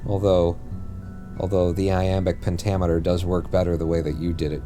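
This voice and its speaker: A man's voice: low-pitched, little pitch movement, normal speed, dark tone, soft background music. A man streaming a game live, chatting casually in a rambling, joking way and often correcting himself mid-sentence. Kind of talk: casual live-stream chat while playing.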